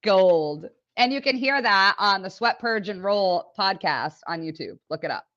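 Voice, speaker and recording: A woman guest on a podcast telling stories in a casual, animated way, laughing often and acting out the people she quotes. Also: mid-range voice, a little slow, dry recording. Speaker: podcast guest, business owner. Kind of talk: casual storytelling. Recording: dull lo-fi dry audio.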